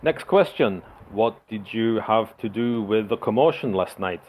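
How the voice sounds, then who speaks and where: A man's voice: lowish voice, lively intonation, a little slow, highs cut off. A man voicing a stern, suspicious male town leader who interrogates strangers in a tabletop game. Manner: interrogating, demanding.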